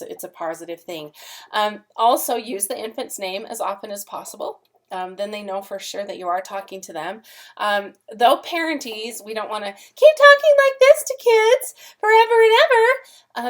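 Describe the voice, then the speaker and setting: A woman in her forties teaches a lesson in a friendly, chatty way, leaning on "um" as she goes. Her voice sits at an ordinary middle pitch. She now and then lifts it into a sing-song parent voice to show an example. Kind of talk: recorded classroom lecture.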